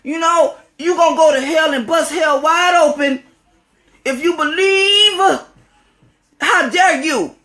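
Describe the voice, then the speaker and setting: A woman's voice: extremely high pitch, unhurried, a bit bright. A woman giving an impassioned spiritual talk, emphatic and preachy, repeating phrases for stress.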